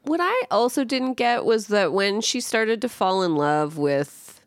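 A woman's voice: mid-range voice, animated, a little slow, no room sound, clean studio sound. A woman co-hosting a casual movie podcast, chatty, laughing often and acting out quotes. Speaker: podcast co-host.

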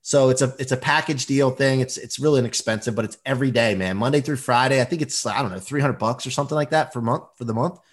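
A man guests on an interview, talking with punchy, motivational energy. He is emphatic and upbeat, with an ordinary mid-range pitch. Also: fast, few pauses. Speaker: guest, performance coach. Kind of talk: casual interview chat.

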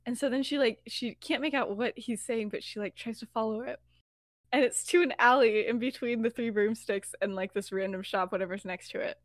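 A woman's voice: on the high side, a little fast, dry recording, studio quality. A woman co-hosting a podcast, retelling a story casually, giggly and full of fillers. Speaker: podcast co-host.

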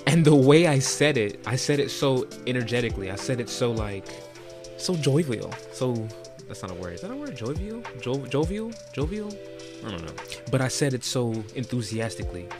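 A man hosts a laid-back podcast with lively, playful energy, jumping between loud outbursts and softer asides. His voice sits in a middle register. Music plays behind him. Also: mid-range voice, normal speed. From United States. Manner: animated, joking, loud and expressive. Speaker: podcast host. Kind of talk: casual podcast chat. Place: indoor podcast setup.

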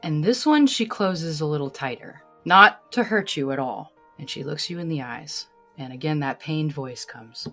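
A woman narrating a tabletop game as game master, describing scenes slowly in the second person. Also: low voice, expressive, fairly bright tone, soft background music.

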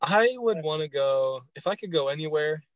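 A young man from northern Michigan, USA, hosts a casual podcast chat in his local accent. His voice sits on the high side and is expressive at a normal speed, rambling with lots of fillers and easy laughs, and the recording is dry.

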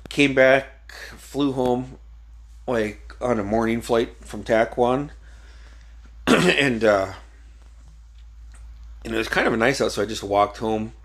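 A man's voice: mid-range voice, slow pace, long pauses. A man hosting a podcast, casually telling old stories with frequent swearing and laughter. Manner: laid-back storytelling with frequent swearing and laughs. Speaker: podcast host. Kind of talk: casual chat.

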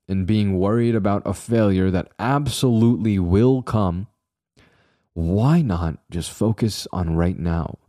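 Mellow-voiced young man rambling on his podcast. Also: low-pitched, dry recording, clean studio sound. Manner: rambling, self-deprecating, jokey asides to listeners. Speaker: podcast host. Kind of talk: casual solo podcast monologue.

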